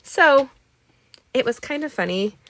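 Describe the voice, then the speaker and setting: A woman's voice: high-pitched, animated, a little slow, fairly bright tone, no room sound. A middle-aged woman hosting a live card-making tutorial, bubbly and rambling, chatting with viewers and making little noises and exclamations as she works. She sounds a bit tired. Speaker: card-making livestream host.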